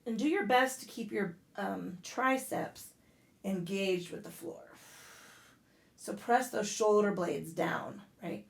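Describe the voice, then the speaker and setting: A woman yoga instructor guiding a class out loud, casual and profane, breaking off into blunt joking rants. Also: medium pitch, takes it slowly, creaky. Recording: echoey room.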